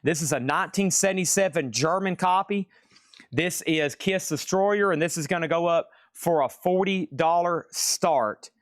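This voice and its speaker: Man, live vinyl sale host, slightly high voice, dry sound, joking rapid patter, record shop. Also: no echo. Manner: joking, rapid-fire, repeats phrases. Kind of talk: live-stream auction patter.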